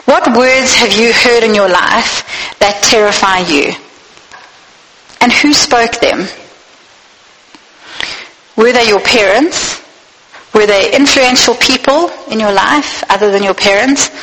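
A woman preaching a sermon in an earnest, searching way, putting direct questions to her listeners. Her voice sits a little high and sounds bright and forceful, and it rings out with a long reverb trailing behind it. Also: takes it slowly, pauses often.

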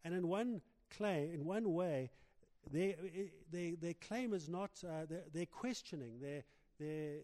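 A man delivers a sermon with a fairly high yet dark, mellow voice. He stumbles and restarts often as he goes. His words ring out with a long reverb from a large hall. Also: expressive. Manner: halting, many restarts and fillers. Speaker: preacher.

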